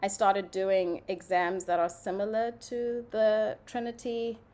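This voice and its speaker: A young woman from Zimbabwe talks through her path as a guest in a relaxed interview. Her pitch sits in the middle of the range, and her telling is chatty and animated, with "like" sprinkled all through it. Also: unhurried. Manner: chatty, animated storytelling with frequent "like" fillers. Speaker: guest, playwright and actress. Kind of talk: casual conversational interview.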